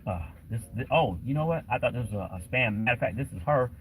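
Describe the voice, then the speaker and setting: A man's voice: medium pitch, lively intonation, fast talker, slight background noise, rough recording. A man hosting a casual livestream, talking in a rambling way with lots of fillers. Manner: rambling, many fillers and restarts. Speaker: livestream host.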